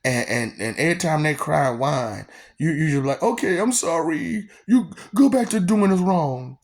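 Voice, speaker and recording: A man on a solo rant, teasing his listeners and breaking into laughter between lines. His voice sits a little high with a gravelly edge. He rambles, repeats himself and stumbles over his words. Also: animated, normal speed. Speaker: vlogger. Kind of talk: mocking rant monologue.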